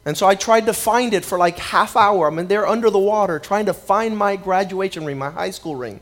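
A man with a high-pitched voice preaches a sermon and works a personal testimony into it. He tells the story with animation, restarting phrases by repeating their first words. When he acts out his younger self, his voice drops low and quiet. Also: brisk.

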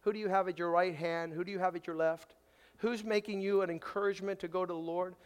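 High-voiced preaching pastor, emphatic. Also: male voice, fairly even intonation, fast talker, clear, resonant tone. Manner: emphatic preaching that swings from loud to hushed. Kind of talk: sermon.

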